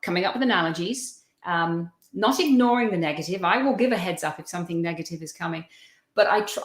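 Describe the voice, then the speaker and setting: A woman's voice: mid-range voice, roomy sound. A woman guest on a live-stream video call, telling personal anecdotes in a chatty, storytelling way. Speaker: guest feng shui consultant.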